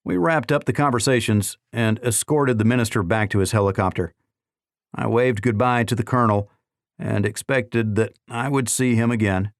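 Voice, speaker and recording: A man narrating a novel in the first person, with a measured, matter-of-fact delivery. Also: mid-range voice, no room sound, clean studio sound. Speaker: audiobook narrator.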